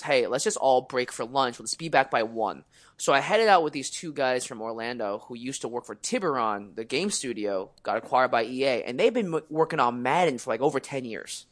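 A young man co-hosting a podcast, telling a story in casual chat, animated, swearing freely and acting out the people he quotes. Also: mid-range voice. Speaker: podcast co-host.

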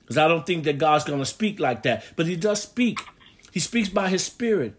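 Emphatic male preacher, slightly high voice. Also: expressive, moderate pace, a little hiss or hum. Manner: preaching with rising emphatic bursts and scripture readings in old English. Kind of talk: sermon.

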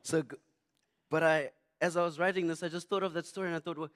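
A man's voice: fairly high pitch, fast talker. A young man, preaching through a funny personal story. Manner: animated, humorous, self-mocking.

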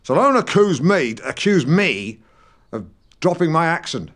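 A man's voice: mid-range voice, animated, a little fast, close to an everyday voice. A man playing a pompous, touchy middle-aged male broadcaster who hosts a comedy podcast, talking in a defensive, pedantic rant. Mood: indignant. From Norfolk, England. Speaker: podcast host. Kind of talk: scripted comedy podcast monologue.

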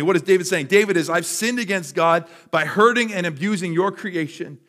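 A man with a slightly raised pitch, preaching a sermon. He tells the story in a relaxed, conversational manner and often stops to restart a phrase. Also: brisk, hardly any pauses. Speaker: pastor.

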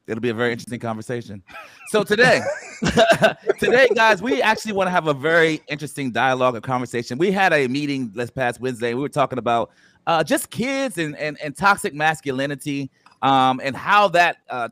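A man's voice: on the high side, expressive, brisk, sharp tone, no room sound. A man hosting a casual podcast chat, playful and loose, with plenty of fillers as he leads the talk. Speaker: podcast host.

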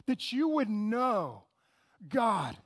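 A male pastor preaching a sermon in an animated way, repeating phrases and calling on the congregation to say words back. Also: high-pitched, extremely slow, husky. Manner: animated, repetitive, asks the congregation to respond.

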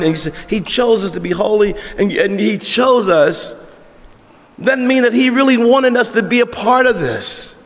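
A man with a notably high voice delivers a sermon as pastor in a church sanctuary, his words ringing with long reverb. He preaches emphatically but conversationally, throwing rhetorical questions to the congregation. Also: creaky.

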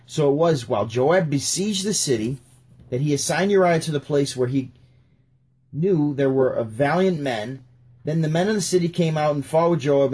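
A young man reads scripture aloud for his channel. He keeps stopping for laid-back, chatty remarks in a slightly breathy, husky voice. His comments often drop off to a mutter. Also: mid-range voice, a little mellow. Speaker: video host. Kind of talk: casual scripture reading with commentary.

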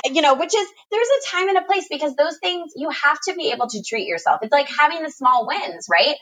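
A woman's voice: high-pitched, animated, brisk, a bit bright. A woman in casual conversation, upbeat and chatty, offering friendly advice about spending, full of fillers. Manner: upbeat, chatty, calls people girl, lots of you know. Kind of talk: casual chat.

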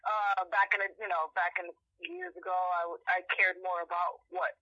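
A man talking casually as a podcast guest, halting and full of fillers and restarts, heard over a phone call. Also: sits high, sing-song, dry recording. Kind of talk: casual chat.

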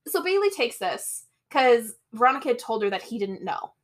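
Animated woman retelling a story. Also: on the high side, moderate pace, few pauses. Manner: animated, acts out quotes in shifting voices; swears freely, laughs often. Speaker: podcast co-host. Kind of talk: casual chat.

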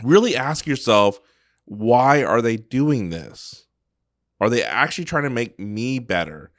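A man's voice: mid-range voice, lively intonation, a little slow, fairly bright tone, no room sound, clean studio sound. A man co-hosting a podcast in casual chat, wry and asking rhetorical questions. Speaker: podcast co-host.

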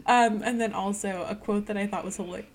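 A young woman talks casually as a podcast co-host, in a middle pitch for a woman. She tosses in wry asides in a quick, chatty way. A faint hiss sits under her voice. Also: steady tone. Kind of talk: casual chat.

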